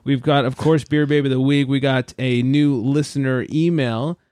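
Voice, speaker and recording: A man hosting a casual beer-tasting podcast, laid-back and quick to laugh, swearing now and then. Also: mid-range voice, steady tone, darkish tone, dry recording, clean studio sound. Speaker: podcast host.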